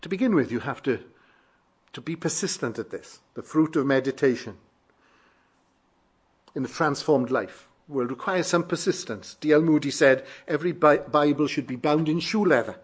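A man's voice: a little high, moderate pace, slightly rough. A male preacher giving a sermon, emphatic, repeating phrases with shifting stress.

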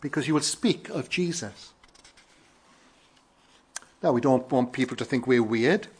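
A man from Wales with a Welsh accent, preaching an earnest sermon with emphatic rises and quiet falls. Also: medium pitch, animated, measured pace, slightly rough. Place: church in London.

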